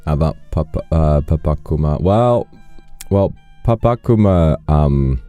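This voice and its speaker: A man's voice: very deep voice, animated, a little slow, dark tone, soft background music. A man hosting a casual live stream, rambling through anecdotes and thanking donors. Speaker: livestream host.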